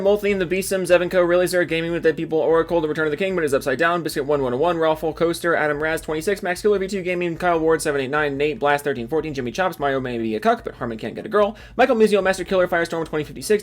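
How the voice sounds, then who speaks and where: Young man from Seattle, raised-pitch voice, ranting gamer YouTuber, sarcastic and profane, with sudden yelps. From Seattle, USA. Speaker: gaming YouTuber. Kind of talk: ranting commentary and reading out supporter names.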